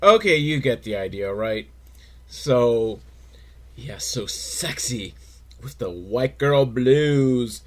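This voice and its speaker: A man's voice: mid-range voice, expressive, slow. A man hosting a comedic recap of a TV episode, talking in a wry, rambling way with lots of filler words. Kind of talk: casual comedic commentary.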